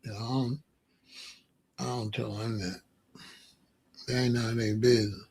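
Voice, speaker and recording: Gravelly-voiced man, blunt joking talk. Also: mid-range voice, little pitch movement, moderate pace, darkish tone. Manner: blunt, joking, laughs often. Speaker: show host. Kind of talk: casual commentary.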